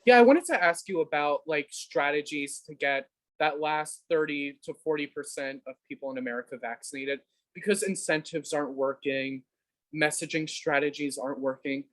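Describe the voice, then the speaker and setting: A man's voice: on the high side, moderate pace. A man hosting a casual podcast interview, asking blunt questions with a joking manner. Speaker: podcast host.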